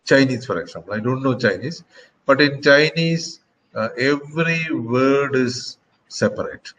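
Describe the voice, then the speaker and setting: Man lecturing slowly, checking in often. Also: mid-range voice, fairly bright tone, slight background noise, rough recording. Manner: slow, deliberate, frequent "okay" and "uh". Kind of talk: classroom lecture.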